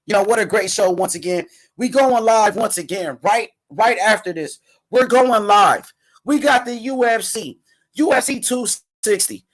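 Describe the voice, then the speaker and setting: Slangy high-voiced male fight commentator. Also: fairly bright tone. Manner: casual slangy, repeats himself, hypes fighters. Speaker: boxing commentator, channel host. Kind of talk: live fight reaction commentary.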